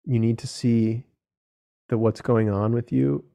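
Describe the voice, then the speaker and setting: A man's voice: fairly low pitch, little pitch movement, unhurried, warm tone. A young man hosting a solo podcast, talking earnestly and directly to other men, casual and with some swearing. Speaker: podcast host.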